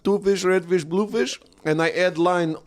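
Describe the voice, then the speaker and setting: A man co-hosting a podcast, riffing jokes quickly in casual banter. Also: high-pitched, steady tone. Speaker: podcast co-host, comedian. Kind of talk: casual comedic chat.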